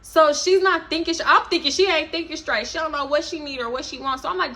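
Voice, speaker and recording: A young woman telling a story on her vlog in a casual, animated, profane way. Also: high voice, fast. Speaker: storytime vlogger.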